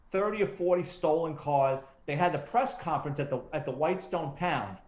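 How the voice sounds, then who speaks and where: A middle-aged man, a retired detective, telling stories in a casual interview and acting out the voices of people he quotes. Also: sits high. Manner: animated, acts out quoted voices. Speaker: retired police detective and author, interview guest. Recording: roomy echo.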